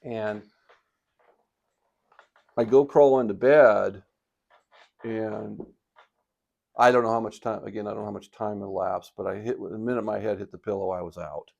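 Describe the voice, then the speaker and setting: Gravelly older man telling a story. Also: lowish voice, fairly even intonation, darkish tone, lo-fi sound. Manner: reflective, halting, emotional. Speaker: vlogger. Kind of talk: casual storytelling. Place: indoors by a fireplace at home.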